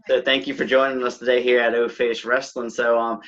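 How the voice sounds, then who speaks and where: A man hosting a wrestling podcast who talks in a relaxed, loose way with lots of fillers. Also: medium pitch, a little fast, soft background music. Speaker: podcast host. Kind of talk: casual interview chat. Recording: dull lo-fi sound.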